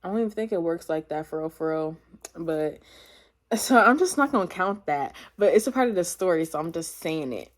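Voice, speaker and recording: A woman's voice: on the low side, animated, fairly quick. Rambling young woman telling her story. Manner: rambling with many fillers; casual slang, addresses viewers as y'all. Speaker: vlogger. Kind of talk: storytime testimony.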